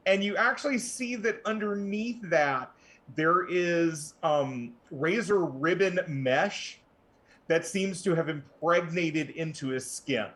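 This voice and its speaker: A man, a player in a tabletop game, describing his character in relaxed, rambling sentences with fillers. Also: fairly high pitch, takes it slowly.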